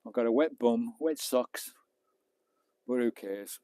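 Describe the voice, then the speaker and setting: An Englishman chatting on a casual live stream from a beach and his camper van, his voice mellow and relaxed. He talks to viewers as he potters about, with the odd casual swear. He is recorded on a small clip-on mic. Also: medium pitch, slow pace, smooth, no room sound. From England. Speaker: vlogger. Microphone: small clip-on mic, distance varying.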